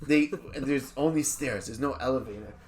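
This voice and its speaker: A man, a rabbi, co-hosting a podcast and telling an animated anecdote in casual chat, slipping into quick voice impressions. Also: mid-range voice.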